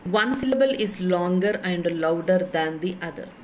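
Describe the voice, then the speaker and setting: A woman's voice: fairly low pitch, lively intonation, moderate pace, slight background noise, low-quality recording. A woman lecturer in English with an Indian English accent, teaching a class, repeating key phrases and spelling words letter by letter.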